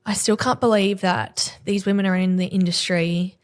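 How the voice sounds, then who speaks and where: A woman's voice: medium pitch, fairly even intonation, moderate pace. Aussie woman on a podcast, candid and emotional, voices the back-and-forth she went through. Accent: Australian. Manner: emotional storytelling, acting out quoted exchanges. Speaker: podcast guest, salon owner.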